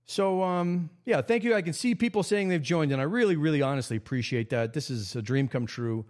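A man from America hosting a casual livestream monologue, rambling with frequent restarts and sudden jumps in pitch. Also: lively intonation, a little fast, darkish tone. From United States. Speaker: host.

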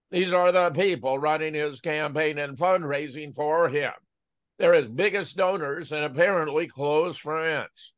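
Male host, measured newsreading delivery, light-pitched. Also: a bit bright. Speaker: show host. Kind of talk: reading news stories.

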